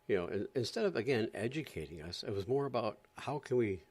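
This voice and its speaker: A man's voice: lowish voice, animated, fairly quick, a little mellow. A man hosting a podcast, ranting in an exasperated, sarcastic way and often repeating himself. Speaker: podcast host. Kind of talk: ranting commentary.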